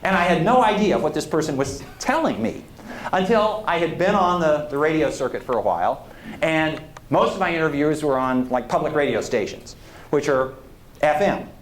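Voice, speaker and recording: A man's voice: fairly high pitch, lively intonation, moderate pace, a little hiss or hum. Man lecturing in an echoey hall. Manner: conversational, digressive, asks the audience questions. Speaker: historian giving a public lecture. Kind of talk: public lecture.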